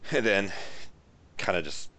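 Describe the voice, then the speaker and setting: A man narrating a tabletop game as game master, rambling and relaxed with many fillers. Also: lowish voice, measured pace, no room sound.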